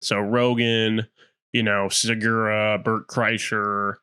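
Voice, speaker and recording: A man co-hosting a podcast in casual chat, halting and restarting his words often. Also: on the low side, little pitch movement, sharp tone, clean tone, no room sound, clean studio sound. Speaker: podcast co-host.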